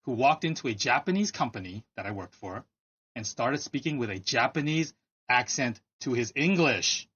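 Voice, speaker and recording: American guy cohosting a podcast, jokey and wry, husky voice, dull lo-fi audio. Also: mid-range voice, animated, normal speed, a bit bright. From United States. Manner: joking, wry asides. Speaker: podcast co-host. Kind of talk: casual podcast chat.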